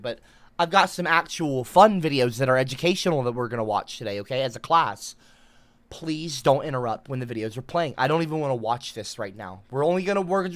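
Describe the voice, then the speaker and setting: A man hosting a comedic livestream, talking like a mock teacher and bursting into shrill, profane shouting. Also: no room sound. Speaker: livestream host.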